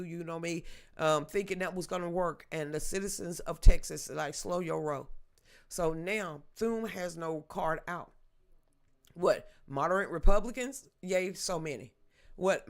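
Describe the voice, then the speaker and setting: A woman hosting a live political commentary show from home, talking in a blunt, colloquial and emphatic way. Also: on the low side.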